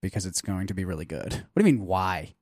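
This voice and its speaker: A man from Canada co-hosting a podcast in casual chat, rambling and animated. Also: low-pitched, fast talker, no echo. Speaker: podcast co-host.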